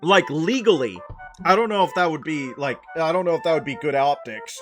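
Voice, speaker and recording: A man's voice: fairly high pitch, expressive, brisk, fairly bright tone. A man streaming a video game, chatting casually with viewers in rambling, self-aware asides. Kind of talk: casual let's-play commentary. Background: game music.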